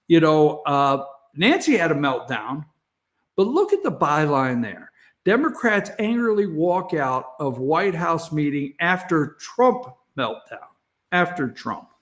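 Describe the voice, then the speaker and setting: A sarcastic man with a slightly higher-pitched voice hosts a morning opinion show. He talks straight into the studio camera and laughs at his own remarks. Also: big pitch swings, slow pace, fairly bright tone. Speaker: talk show host. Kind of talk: opinion talk show monologue.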